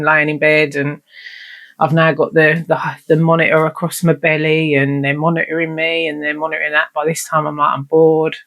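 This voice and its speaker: Hosting her own show, a deep-voiced woman shares a personal story candidly, rambling along and swearing freely.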